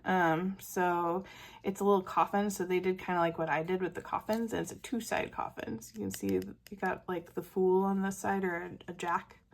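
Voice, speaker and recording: A woman's voice: lowish voice, steady tone, moderate pace, creaky, slight background noise. A woman hosting a casual art video, narrating artwork she received and gushing over it with frequent fillers and small laughs. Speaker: art channel host. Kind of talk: casual show-and-tell narration.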